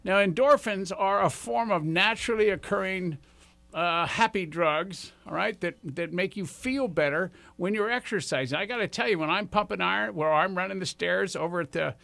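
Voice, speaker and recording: A man's voice: high-pitched, normal speed, vocal fry, sharp tone, dry recording. A man in his sixties hosting a radio show, giving enthusiastic, rambling motivational talk straight to his listeners. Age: 60s.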